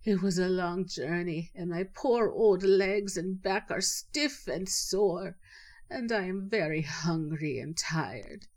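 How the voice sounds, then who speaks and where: A sly, boastful rabbit trickster, as a woman reading the tale puts him on. He schemes in a lifted, eager voice and turns high and quavering when he plays a frail old aunt. A storybook read-aloud. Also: slow pace. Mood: quavering disguise. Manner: proud, scheming.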